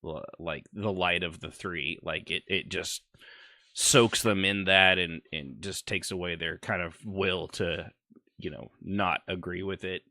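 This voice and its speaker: A man with a very low voice and an intensely bright, sharp edge to it chats casually as a podcast host. He rambles through a story with fillers, and the sound is close and dry. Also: steady tone, a little slow, dry recording. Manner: rambling, recounts game events with fillers.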